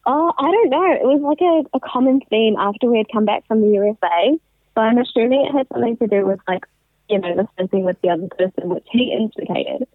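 A woman's voice: on the high side, quick pace, no echo. Woman in her twenties on a phone line. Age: 20s. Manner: chatty, many likes and ums. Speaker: guest. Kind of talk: casual interview.

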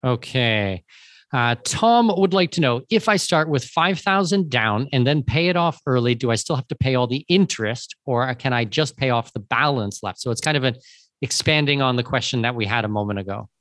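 A man's voice: medium pitch, expressive, normal speed, fairly bright tone, no room sound, studio quality. A man from Canada hosting a webinar, reading out audience questions in an upbeat way. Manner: upbeat, reads questions aloud. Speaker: host.

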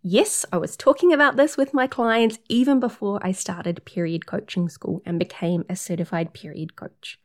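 A woman's voice: medium pitch, normal speed, few pauses. A woman working as a period coach, talking through numbered tips in an upbeat, casual advice monologue.

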